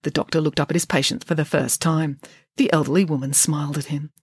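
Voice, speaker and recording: A woman's voice: sits low, fairly even intonation, fast talker, darkish tone, husky, no room sound, clean studio sound. A woman reading her own children's novel aloud for a podcast, switching between voices for each character.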